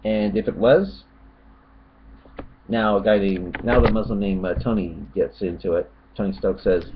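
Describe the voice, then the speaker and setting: A man's voice: on the low side, steady tone, unhurried, background noise. Sarcastic rambling man, lo-fi sound. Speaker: commentator reading comments. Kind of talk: casual commentary.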